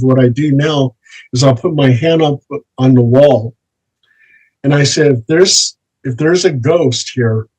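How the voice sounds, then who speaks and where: Husky male paranormal investigator, unhurried anecdotal delivery in an interview. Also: mid-range voice, a little mellow, rough recording. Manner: slow, plain anecdotal telling, repeats set phrases. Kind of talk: interview storytelling.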